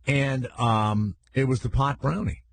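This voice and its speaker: An older man hosting a radio talk show, telling personal stories in a casual, animated way and jumping into high-pitched excited voices when he acts out scenes. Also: measured pace, creaky, no echo.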